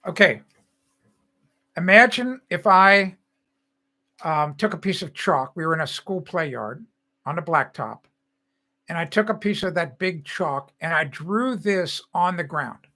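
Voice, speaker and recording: An older man with a high, bright voice hosts a casual live stream. He talks in a chatty, rambling way, full of opinions and restarts. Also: lively intonation, unhurried, pauses often. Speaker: host.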